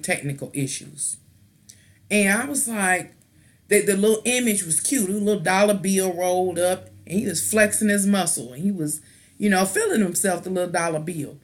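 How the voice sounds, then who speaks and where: A mother who hosts a tarot live stream rants bluntly and ramblingly, clearly irritated, with restarts and casual slang. Her voice sits on the low side at a moderate pace.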